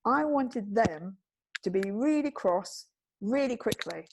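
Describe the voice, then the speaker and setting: Witty, animated woman telling stories. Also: slow, noisy background. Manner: witty, acts out quoted voices with big pitch jumps. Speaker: guest, TV producer and speaker. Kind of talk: animated storytelling in conversation.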